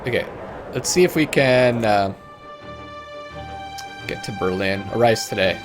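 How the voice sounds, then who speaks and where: A man playing a text adventure game, reading its narration aloud and thinking out loud over his choices. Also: lowish voice, expressive, music in the background. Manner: reads narration in a plain measured voice, thinks aloud between choices. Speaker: let's play gamer.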